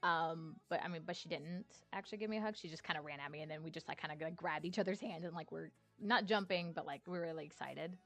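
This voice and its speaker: A woman's voice: sits low, fast, hardly any pauses, fairly bright tone, soft background music. A woman streamer telling a story in casual chat, laughing often and swearing freely.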